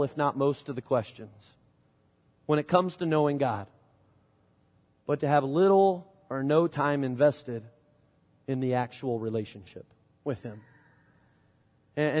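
A middle-aged man from Illinois preaching a sermon as pastor, telling a story in a conversational way. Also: fairly high pitch. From Illinois, USA. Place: church sanctuary. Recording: long reverb of a church hall.

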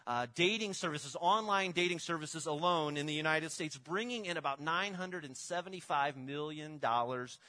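Middle-aged male pastor, bright forward tone, casual sermon delivery with lots of restarts. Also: on the high side, normal speed, hardly any pauses. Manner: conversational, repeats words and restarts, uses props.

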